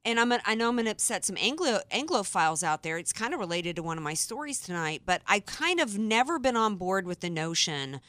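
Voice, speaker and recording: A woman's voice: medium pitch, big pitch swings, a little fast, hardly any pauses, a bit bright, no echo. A woman from the American South hosting a radio talk show, chatty and playful, giggling as she talks. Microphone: studio microphone.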